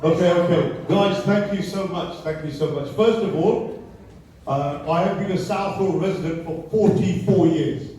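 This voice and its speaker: A man's voice: sits high, moderate pace, warm tone. A man from England addressing a public meeting as a local resident, emotional and pleading, then angry and accusing. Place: large hall with a crowd. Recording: echoey hall from far off.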